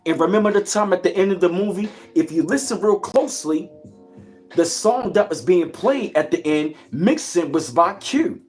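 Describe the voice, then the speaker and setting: A man's voice: high-pitched, darkish tone. A man hosting a livestream. He gives a casual, preachy motivational talk, greets his chat and repeats his points. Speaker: livestream host.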